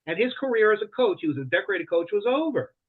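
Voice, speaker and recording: A man being interviewed as a guest, talking in heated, rushed answers full of restarts, heard over a tinny phone-like line. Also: high-pitched, sing-song, slightly rough. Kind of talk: rapid talk-show interview answers.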